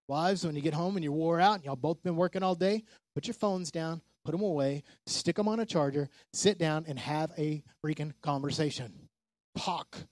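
A man gives a casual sermon in a fairly high voice. He preaches with animation and slips into quick impressions of the people he talks about. The sound is close and dry. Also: darkish tone, dry recording. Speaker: pastor.

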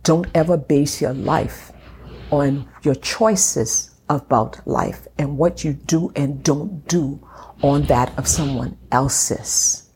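A middle-aged woman hosting a faith podcast from her home, talking in an encouraging way and slowing down to stress her points. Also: sits low, darkish tone, husky. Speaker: podcast host. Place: home room at a glass table.

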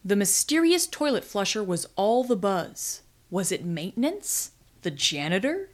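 A woman host reading her own scripted story aloud, with dry comic timing and dramatic pauses. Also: mid-range voice, sing-song. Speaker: podcast host and story writer.

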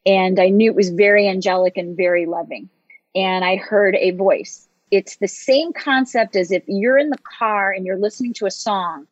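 Woman guest from Michigan, open and animated storyteller, husky and dry, slightly muffled audio. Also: medium pitch, normal speed, no echo. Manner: open, animated, laughs often. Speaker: guest, motivational speaker. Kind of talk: conversational interview storytelling. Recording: dull lo-fi sound.

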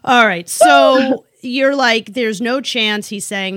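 A woman's voice: a little high, takes it slowly, fairly bright tone, no echo, studio quality. A woman hosting a casual interview, sympathetic and blunt, swearing freely. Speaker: podcast host.

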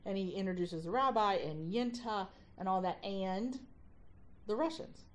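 A woman in a relaxed podcast conversation, speaking at a middle pitch for a woman. She tells classroom anecdotes in a lively way, slipping in voices for the people she quotes. Her delivery is casual, chatty and expressive. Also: a little slow. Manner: animated storyteller who acts out dialogue. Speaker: guest, college professor.

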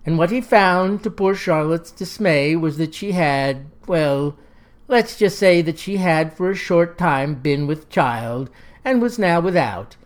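Homespun woman storyteller, lowish voice. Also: expressive, measured pace. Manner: homespun, mock-formal word choice. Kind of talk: folksy comic storytelling.

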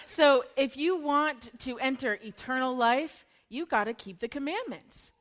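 A woman's voice: sits high, measured pace, hardly any pauses, fairly bright tone. A young woman giving a casual, playful sermon, retelling a story in slangy voices and laughing often.

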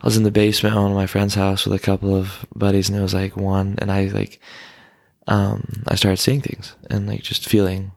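A young man talks in a loose, rambling way, full of fillers. His voice is low and gravelly, with little rise and fall. The sound is close and dry. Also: monotone, fairly quick, darkish tone, no echo. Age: young adult. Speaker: guest, son of host. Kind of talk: casual chat.

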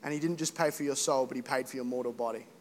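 A young man preaching an animated, joking sermon to a Sunday congregation. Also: medium pitch, rapid-fire. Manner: animated, joking, rising to emphatic exhortation. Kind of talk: energetic sermon. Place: church hall. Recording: echoey hall reverb.

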